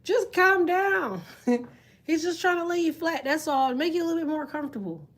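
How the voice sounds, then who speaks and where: A woman's voice: high-pitched, brisk. A woman reading tarot who reacts to viewer comments in casual live-stream chat. She swears freely, jokes, and laughs often. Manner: profane, laughs often, jokey banter.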